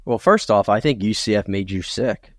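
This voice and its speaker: A man co-hosting a casual sports podcast, telling stories in a joking, animated way and repeating words. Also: lowish voice, moderate pace, dry recording, clean studio sound. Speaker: podcast co-host.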